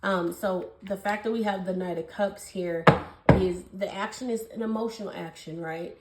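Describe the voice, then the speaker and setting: Young female tarot reader, quick and affectionate delivery, roomy echo. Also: medium pitch, fairly even intonation, very noisy. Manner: fast, gushing and affectionate, calls viewers babies and honey. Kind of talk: casual tarot reading to camera.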